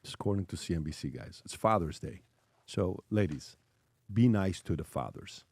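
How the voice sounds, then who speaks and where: A man with a low voice hosts a casual talk show, reading a list from an article and breaking off into jokes. His pitch swings widely as he talks, and the sound is dry and close. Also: lively intonation, moderate pace, vocal fry, darkish tone, slightly rough, no room sound. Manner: jokey, reads list with asides and stumbles. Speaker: host.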